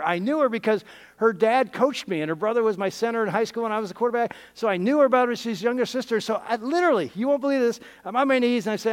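Man preacher, middle-aged, slightly higher voice, emotive storytelling sermon. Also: quick pace, clear, resonant tone, long reverb tail. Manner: storytelling, swings from excited to hushed and tearful. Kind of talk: sermon testimony.

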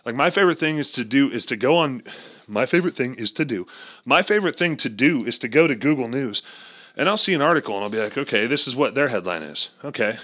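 A man's voice: mid-range voice, lively intonation, quick pace, fairly bright tone. A man ranting casually and crudely about politics, swearing often, joking, and slipping into voices. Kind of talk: casual profane political rant.

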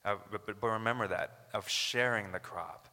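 Earnest pastor preaching in a reverberant hall. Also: male voice, on the low side, moderate pace, bright, forceful tone. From Canada. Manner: earnest, builds to emphatic paraphrase of scripture. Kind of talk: sermon.

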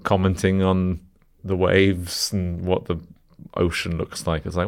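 Very deep-voiced man telling a story. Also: flat delivery, a little slow. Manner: dry, self-mocking anecdote telling. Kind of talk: casual storytelling.

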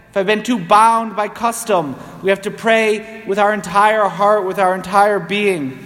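A man's voice: sits high, lively intonation, moderate pace, fairly bright tone. A man with a New England accent preaching a homily in a church, speaking conversationally and rising into passionate cries. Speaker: priest. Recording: long church reverb.

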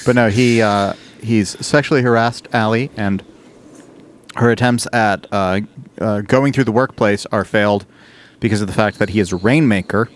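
A man co-hosting a podcast, summarizing a plot in casual chat with halting pauses. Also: fairly low pitch, steady tone, slight background noise. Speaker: podcast co-host.

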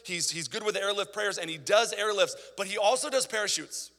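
Male pastor, chatty animated sermon style, brassy edge, reverberant church hall. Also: sits high, brisk. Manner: animated, conversational preaching with asides.

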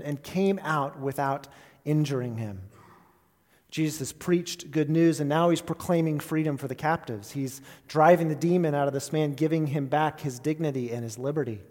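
His pitch fairly high and a little mellow, a pastor preaches conversationally with a lightly lifted voice. He tosses questions to the congregation and keeps restarting his phrases, while the church hall gives everything a long reverb.

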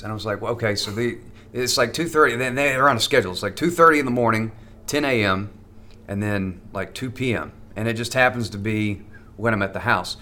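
A man's voice: fairly low pitch, sharp tone. Male comedian guest, casual and rambling, repeats words as he talks. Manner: stammering restarts, rambling. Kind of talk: casual podcast chat.

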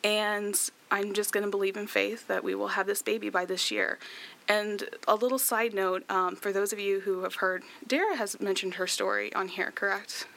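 A woman's voice: mid-range voice, steady tone, normal speed, vocal fry, fairly bright tone. A young woman chatting through a personal story, with many fillers and laughs, tearful at times. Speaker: guest sharing her story.

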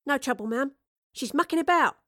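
An impatient Tudor mother who scolds sharply, as a woman reading a storybook puts her on. Her voice is raised and brisk. The recording is dry and close. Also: high voice, a bit bright, no room sound, pitched above the performer's own voice. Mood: scolding.

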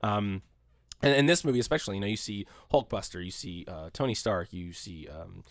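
A man's voice: lowish voice, brisk, no echo, studio quality. A man co-hosting a podcast, talking casually about a movie in a rambling, profane way and mocking scenes by quoting them. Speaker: podcast co-host. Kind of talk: casual movie review chat.

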